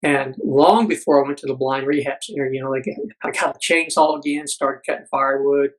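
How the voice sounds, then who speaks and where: A man's voice: medium pitch, a little fast, poor audio. A middle-aged man, a podcast guest, telling a personal story earnestly, with frequent restarts and acted-out quotes. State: blind military veteran.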